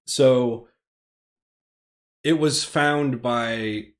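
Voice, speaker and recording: A man's voice: mid-range voice, extremely slow. Rambling American man streaming a script read. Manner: rambling and self-deprecating, chuckling between phrases. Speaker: streamer, host. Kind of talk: casual live-stream script reading.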